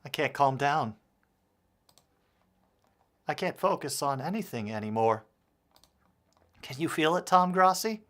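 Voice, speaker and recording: A man voicing a shy, bookish teenage girl who is flustered and obsessive, speaking in a hushed, breathy, halting way while playing a game. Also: medium pitch, lively intonation, natural voice. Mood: breathless, flustered. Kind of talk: let's play voice acting.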